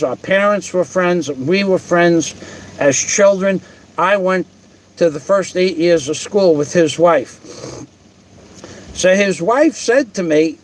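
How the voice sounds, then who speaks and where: An older man telling a long personal story in a blunt, profane, rambling way, full of restarts. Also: high voice. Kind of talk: casual storytelling.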